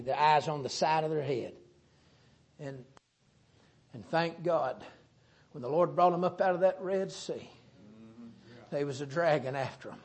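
High-voiced Southern preacher man, folksy. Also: measured pace, long pauses, husky. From Southern United States. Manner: folksy, joking, animated preaching. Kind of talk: sermon.

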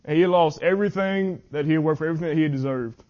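Earnest preacher guy reading scripture slow, kinda high voice, muffled lo-fi sound. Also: darkish tone. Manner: earnest, reads scripture slowly, trips over words. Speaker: youth preacher. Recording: muffled lo-fi audio.

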